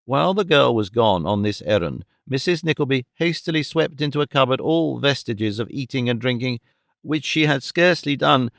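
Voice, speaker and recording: A man narrating a classic novel as an audiobook, in a measured, wry storytelling manner. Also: medium pitch, no room sound, studio quality.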